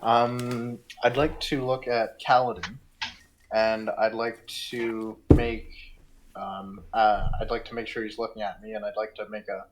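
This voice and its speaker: A man's voice: on the low side, level tone, measured pace, a little hiss or hum, low-quality recording. A man playing a tabletop game, speaking casually and hesitantly with many restarts. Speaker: tabletop player.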